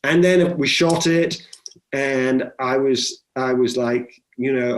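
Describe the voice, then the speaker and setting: A man's voice: mid-range voice, steady tone, a little slow. A middle-aged man, a film director, telling stories in a chatty interview with many restarts. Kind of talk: conversational interview.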